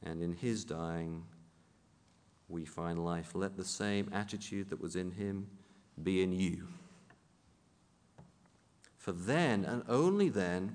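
A man's voice: fairly low pitch, expressive, a little slow. A man preaching a sermon in a church, emphatic and building to fervent peaks. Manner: emphatic, rising to fervent intensity. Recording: long hall reverb.

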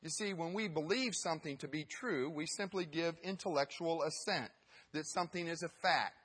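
A man's voice: fairly high pitch, moderate pace, a bit bright, breathy edge. A man giving a sermon as pastor, telling a story emphatically with some hesitant fillers.

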